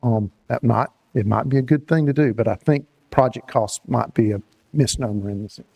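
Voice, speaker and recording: A man making a measured, procedural public comment in a city hall meeting chamber. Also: mid-range voice, vocal fry, darkish tone, slightly rough.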